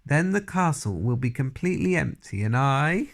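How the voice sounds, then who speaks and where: Storybook read-aloud: fierce, excitable old grandmother done by a man, raised pitch, gravelly edge, emphatic. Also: moderate pace, background noise. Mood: excited. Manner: exclaiming, emphatic.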